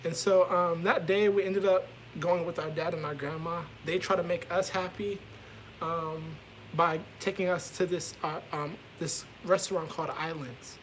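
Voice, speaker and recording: A man's voice: a little high, fairly even intonation, moderate pace, a bit bright, slight background noise, poor audio. A young man vlogging a casual storytime from his bedroom, candid and rambling, swearing freely as he talks.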